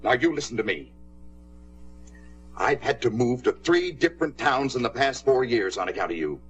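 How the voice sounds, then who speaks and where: A man's voice: medium pitch, lively intonation, moderate pace, a bit bright, dull audio, slight background noise, lightly acted. An actor playing a stern working-class father in a 1950s television drama, scolding and commanding his daughter. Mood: angry, scolding.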